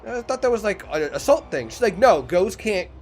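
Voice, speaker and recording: A man's voice: high voice, a little fast. A man co-hosting a casual movie review podcast, joking and swearing as he retells conversations. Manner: joking, profane, animated storytelling. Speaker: podcast co-host.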